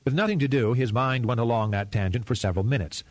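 A man reading a thriller novel aloud as narrator, in a steady, measured reading. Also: mid-range voice, no echo. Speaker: audiobook narrator. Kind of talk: scripted narration.

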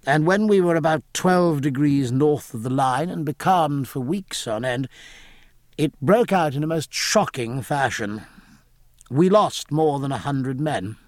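A man's voice: fairly high pitch, no room sound, clean studio sound, voice pushed up. A man voicing an earnest naval captain giving a formal, respectful report to his superior in an audiobook.

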